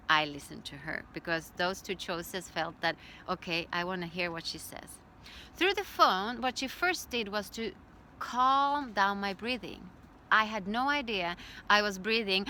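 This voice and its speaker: A middle-aged woman telling her own story as a birth educator, in a calm, reflective way. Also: medium pitch, measured pace, a little hiss or hum. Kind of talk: personal storytelling.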